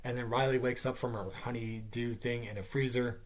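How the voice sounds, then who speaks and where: A man's voice: mid-range voice, steady tone, a little fast. A caffeinated man ranting through a profane TV series review, swearing heavily and sounding exasperated. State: caffeinated, wired.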